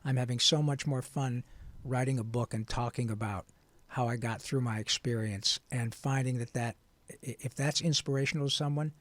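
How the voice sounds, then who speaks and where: A man, a voice actor, telling his story in an interview in an earnest, animated and frank way. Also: medium pitch, normal speed, no room sound. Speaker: guest voice actor.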